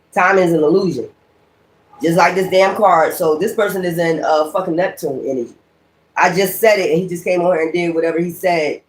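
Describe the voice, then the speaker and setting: Blunt, profane woman reading tarot. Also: on the low side. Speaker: tarot reader. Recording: echoey room.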